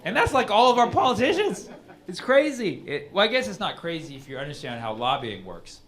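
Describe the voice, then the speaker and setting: Male stand-up comic, slightly high voice, conversational delivery, live club sound. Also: very animated, a little fast. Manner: conversational, builds to loud punchlines. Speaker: stand-up comedian. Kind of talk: stand-up comedy set. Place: comedy club stage. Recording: live club mic with audience noise.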